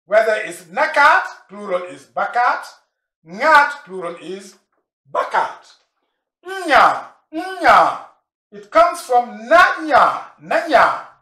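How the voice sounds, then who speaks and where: In an echoey room, a slow, patient language teacher with a medium-pitched, bright, forceful voice leads a vocabulary lesson. Each word gets spelled out and repeated carefully, and there are side comments on dialects.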